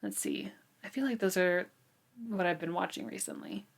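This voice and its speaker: A woman's voice: lowish voice, normal speed, creaky. A woman co-hosting a book podcast in casual chat, chatty and giggly with lots of ums. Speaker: podcast co-host.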